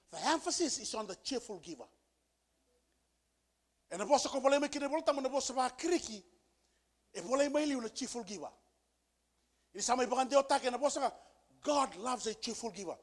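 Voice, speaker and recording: A male pastor preaching a sermon with emphasis, repeating key phrases and building to shouted peaks. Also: very high voice, expressive, fairly quick, long pauses. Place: church service.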